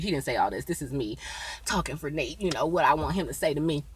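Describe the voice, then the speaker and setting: Woman, chatty, excitable recap vlogger, lower-pitched voice. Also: fast talker, noisy background. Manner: chatty, excitable, lots of "y'all" and "boom". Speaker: TV episode reviewer. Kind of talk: casual recap vlog.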